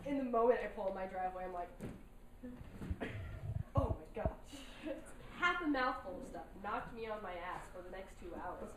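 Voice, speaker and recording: A woman's voice: medium pitch, expressive, fast talker, hardly any pauses. A young woman doing a stand-up set, chatty and self-deprecating, laughing between lines. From North Carolina mountains. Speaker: stand-up comedian. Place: large hall with an audience. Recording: echoey hall from far off, noisy.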